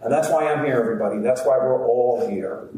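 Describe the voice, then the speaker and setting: A man's voice: mid-range voice, fairly quick, dark tone. Man storytelling to a crowd from afar. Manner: heartfelt, addressing the crowd directly. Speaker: actor and storyteller. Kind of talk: live storytelling performance. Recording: roomy, distant outdoor sound with faint background noise.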